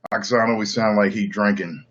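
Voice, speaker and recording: A man's voice: fairly low pitch, fairly even intonation, quick pace. A man hosting a casual livestream, answering chat comments bluntly, swearing and laughing often. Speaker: livestream host. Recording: dull lo-fi livestream audio.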